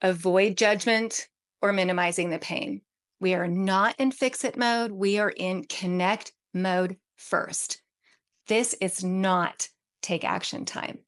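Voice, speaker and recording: A woman with a social work background giving parenting advice to camera in a calm, steady coaching tone, often checking in with "right?". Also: medium pitch, slow. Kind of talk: direct-to-camera advice talk.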